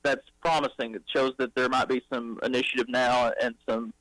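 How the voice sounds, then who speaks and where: A man's voice: mid-range voice, level tone, normal speed, a bit bright, no echo, poor audio. A man with a Southern American accent, a local official, explaining things conversationally as a guest in a radio interview.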